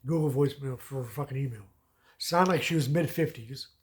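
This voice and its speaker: A man's voice: mid-range voice, fairly quick. A man telling a rambling, profane story in a casual rant, often repeating filler phrases. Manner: profane, rambling, repeats "you know what I mean". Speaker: vlogger.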